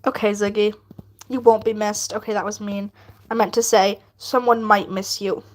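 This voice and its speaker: A woman's voice: medium pitch, level tone, normal speed. A woman streaming while she finishes a drawing, chatting casually with her viewers, teasing and laughing often. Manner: playful, teasing, laughs often, answers chat.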